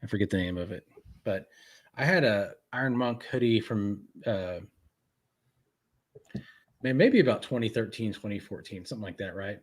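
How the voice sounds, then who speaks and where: A man's voice: lowish voice, normal speed, long pauses. A man guest in casual chat, talking hesitantly with many fillers and restarts.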